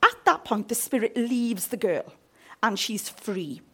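A woman's voice: on the high side, a little slow, husky. A woman preaching a sermon and reading scripture, often checking in with her congregation. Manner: animated, asks the congregation for responses. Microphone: handheld mic.

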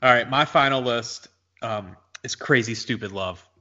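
A man's voice: mid-range voice, moderate pace, pushed and bright, dull audio. A man co-hosting a casual movie podcast, eagerly retelling favorite scenes. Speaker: podcast co-host.

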